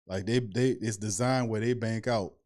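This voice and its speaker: Animated laughing sports-stream host, man. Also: fairly low pitch, moderate pace. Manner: animated, laughing, repetitive and blunt with slang. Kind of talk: late-night live stream rant.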